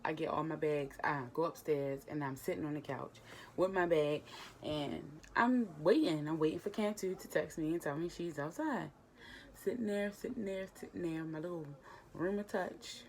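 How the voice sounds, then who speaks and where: Young woman, low voice, casual storytime vlog, animated emotional retelling. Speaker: vlogger telling a story.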